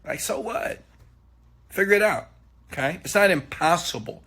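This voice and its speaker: A man giving a motivational talk, preachy and animated, often checking in with "okay?". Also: a little high, normal speed, creaky, a little hiss or hum. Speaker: motivational speaker.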